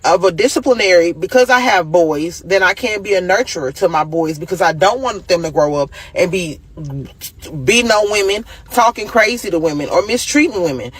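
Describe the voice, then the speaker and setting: Husky, worn-out woman venting. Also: mid-range voice, animated, a little fast, no echo. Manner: exhausted, upset, profane. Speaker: single mother in a clip. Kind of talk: emotional vent.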